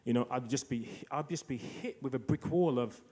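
A man's voice: medium pitch, moderate pace, a little mellow. A man speaking as a panelist and telling a personal story. He acts out quoted dialogue and restarts his sentences often.

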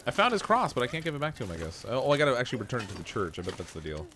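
A man's voice: mid-range voice, very animated, rapid-fire, bright, forceful tone, slight background noise. A man from Southern Ontario with a light Canadian accent, chatting casually with his live chat as he plays. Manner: chatty, laughs often, jokes with chat. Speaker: gaming streamer.

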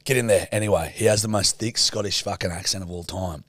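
A man's voice: low voice, steady tone, quick pace, fairly bright tone, dry recording, studio quality. A young Australian man co-hosting a podcast, telling rambling stories in casual chat, crude and swearing freely. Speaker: podcast co-host.

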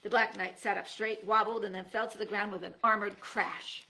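A woman reads a children's chapter book aloud, her voice bright and edged with gravel. She gives each character a lively voice of its own and leaps up in pitch when the action peaks. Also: normal speed, slight background noise. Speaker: teacher reading aloud. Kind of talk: storybook read-aloud.

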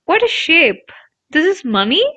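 Ron, a woman voicing an excitable boy wizard. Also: a little high, moderate pace. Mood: eager. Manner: eager, exclaiming. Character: excitable boy wizard, friendly and easily awed. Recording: dull lo-fi recording.

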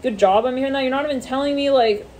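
A woman's voice: high-pitched, fast talker, darkish tone, slight background noise. A woman giving a casual tarot reading, rambling with many fillers and swearing offhandedly. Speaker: tarot reader.

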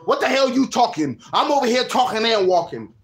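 A man giving loud, profane live fight commentary, swinging from low muttering to high yelling, at home alone at a microphone. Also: very animated, fairly quick, soft background music.

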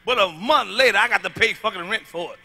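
A man doing a stand-up comedy routine, loud and emphatic, hammering his punchlines over and over with a delivery. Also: high-pitched, quick pace, slightly rough.

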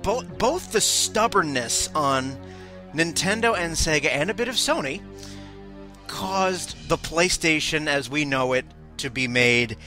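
A man co-hosting a casual podcast panel, telling the history in an animated way and acting out quotes along the way. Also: fairly high pitch, a little slow, soft background music. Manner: animated storytelling with put-on quotes. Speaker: podcast co-host.

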